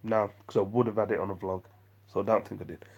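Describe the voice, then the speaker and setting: A man's voice: fairly low pitch, steady tone, quick pace, darkish tone, slightly rough, dull audio. A man chatting on a live vlog stream, rambling and self-deprecating as he reads out viewer comments. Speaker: vlogger.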